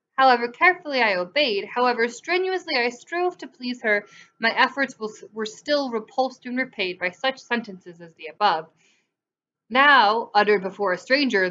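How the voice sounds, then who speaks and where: A woman's voice: on the high side, bright, forceful tone, dull audio. A woman reading a classic novel aloud in an amateur audiobook style, sometimes stumbling and correcting herself. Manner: reads with small slips and corrects herself.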